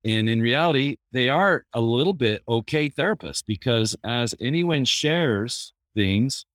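A man's voice: medium pitch, no echo. A man who works as a therapist, telling anecdotes in an easygoing, casual way with plenty of fillers. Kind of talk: casual storytelling.

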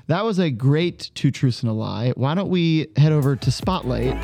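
A man's voice: a little high, big pitch swings, slow pace, creaky, darkish tone, faint music behind. A man hosting a casual podcast chat who jokes, laughs often and moves the show from one segment to the next. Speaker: podcast host.

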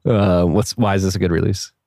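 A man's voice: sits low, steady tone, brisk, vocal fry, warm tone, dry recording, clean studio sound. A man co-hosting a podcast, chatting casually and reading out news with jokes, laughs and fillers. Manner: joking, laughs often, trails off with fillers. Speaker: podcast co-host.

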